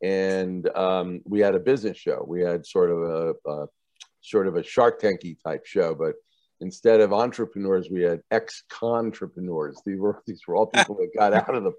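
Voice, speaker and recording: Speaking in a low voice at a moderate pace, a TV producer tells stories from his career in a casual interview, playing the voices of the people in them and laughing frequently. The audio has no room sound and its highs are cut off.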